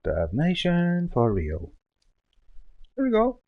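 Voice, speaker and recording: A man in his thirties from Germany with a German accent, chatting and joking in halting English while live-streaming a driving game. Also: high-pitched, huge pitch swings, dull audio. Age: 30s. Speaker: gaming livestreamer. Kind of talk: casual livestream chat while drifting. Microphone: desk microphone. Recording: noisy stream with car sounds.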